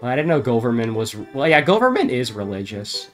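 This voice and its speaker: A man reads mangled game text aloud over a live stream, deadpan and theatrical by turns. His pitch and pace sit in an everyday middle range. Faint game music plays under him. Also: brisk. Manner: reads deadpan, breaks into laughter. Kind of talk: comedic dramatic reading of garbled game dialogue.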